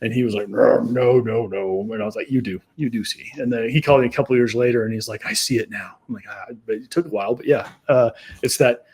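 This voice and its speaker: A middle-aged man with a husky, breathy edge to his voice, hosting a podcast. He tells stories in a relaxed way, acting out bits of dialogue and stumbling over repeated words as he restarts. His pitch sits in the ordinary middle range for a man. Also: fast talker. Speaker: podcast host. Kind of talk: conversational storytelling.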